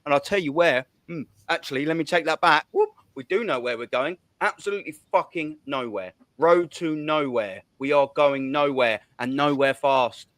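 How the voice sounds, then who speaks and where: A man's voice: a little high, moderate pace, few pauses, fairly bright tone, no echo. A man hosting a fan channel, ranting about football with heavy swearing and hard emphasis. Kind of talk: heated football fan rant.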